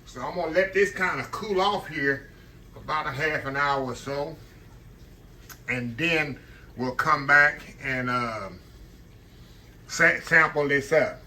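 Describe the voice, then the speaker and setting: A man's voice: a little high, bright, forceful tone. A man giving a casual cooking demonstration, chatting to his viewers and calling them y'all. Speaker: home cook hosting a cooking channel.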